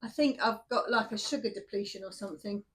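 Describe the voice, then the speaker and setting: A woman's voice: mid-range voice, fast, a bit bright. A woman, tired and shaky after night shifts, chatting casually and rambling to viewers before a tarot reading, laughing at herself. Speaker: tarot reader.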